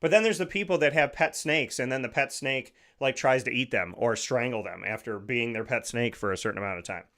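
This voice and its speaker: A man's voice: mid-range voice, a little fast, hardly any pauses, sharp tone. A man hosting a show, telling stories in a rambling, digressive, joking way into a studio microphone. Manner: rambling, digressive, jokey storytelling. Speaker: show host. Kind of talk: casual talk-show monologue.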